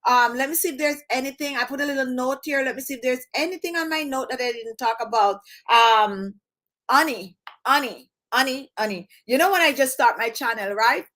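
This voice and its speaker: A Jamaican woman talks rapidly to camera for her beauty channel, hardly pausing, her high voice slightly bright. She drops H sounds and repeats phrases to emphasize them.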